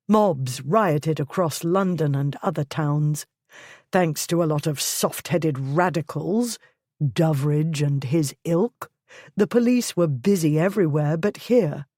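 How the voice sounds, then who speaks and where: A woman narrating a historical romance audiobook in a steady, measured reading. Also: low-pitched, no echo, studio quality. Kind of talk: scripted narration.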